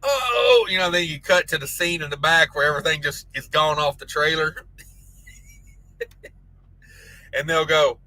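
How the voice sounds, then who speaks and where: A man's voice: a little high, level tone, moderate pace, pauses often, bright, forceful tone, no room sound, low-quality recording. A man hosting a casual trucking live stream, reading chat messages aloud with crude jokes and frequent laughter. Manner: crude joking banter, laughs often.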